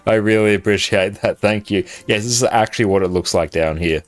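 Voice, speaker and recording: Reading out viewers' questions as he plays, an Australian live streamer from South Australia keeps things chatty and relaxed, laughing readily. He talks a little fast into a desk mic, his voice on the low side.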